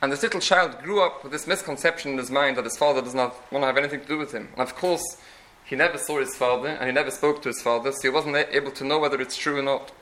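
A man's voice: medium pitch, fast talker, fairly bright tone, poor audio. A man teaching a religious lecture in an earnest, explanatory way, often restarting his phrases. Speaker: Torah teacher.

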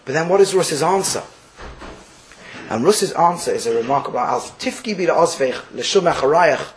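A man giving a Torah class, lively and full of restarts, acting out the people in the verses he teaches. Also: on the high side, normal speed, a little hiss or hum, low-quality recording. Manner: lively, acts out quotes, Hebrew terms mixed in, restarts.

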